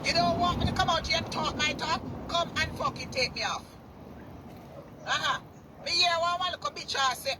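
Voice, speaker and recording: A Jamaican woman with a high voice tears into someone in a heated, profane rant, hammering the same lines again and again. She's recorded outdoors by a road, and cars and buses rumble loudly around her. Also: moderate pace, poor audio. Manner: cursing, heated, repetitive. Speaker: vlogger.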